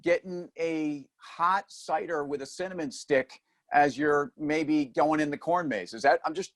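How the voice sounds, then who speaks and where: A man's voice: fairly high pitch, measured pace, a bit bright. A man co-hosting a finance show, teasing his partner in casual, wisecracking banter. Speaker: co-host.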